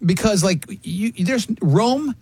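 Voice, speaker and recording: A man hosting a radio show in a studio, bantering loudly and joking with his co-hosts. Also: high voice, expressive, takes it slowly, slightly rough, no room sound. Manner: joking, loud, laughs often. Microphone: studio mic.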